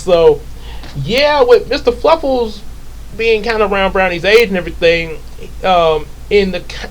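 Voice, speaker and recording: A man's voice: on the high side, fairly bright tone, rough recording. A man casually retelling his comic book, rambling into asides and correcting himself.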